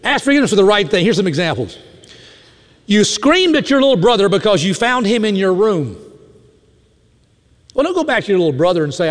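A man preaching in a high voice that swings widely as he drives his points home. His sermon is animated, with mock-indignant asides to the congregation. The sound carries the long reverb of a large hall. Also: a little fast. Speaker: pastor.

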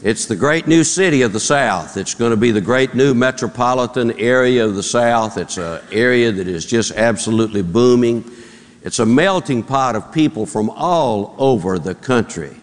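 A man preaching a sermon to a conference crowd, his talk casual and full of asides. His voice rings out in a big hall with long reverb. The pitch sits in the middle of the male range. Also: lively intonation, moderate pace. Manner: chatty preaching with asides to the congregation. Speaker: pastor. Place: large hall at a Bible conference.

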